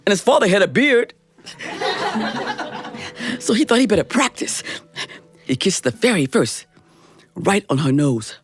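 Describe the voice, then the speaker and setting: A woman's voice: medium pitch, sing-song, a little slow, pauses often, soft background music. A woman storyteller telling a fairy tale in a playful, dramatic way, talking straight to her audience. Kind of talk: animated live storytelling. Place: live studio performance.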